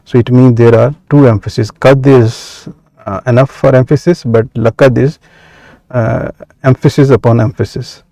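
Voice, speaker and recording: Slow-paced man teaching Arabic grammar. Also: mid-range voice, fairly even intonation, dark tone, dry recording. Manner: measured, many "uh" pauses, slow deliberate explanation. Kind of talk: explaining grammar from a workbook.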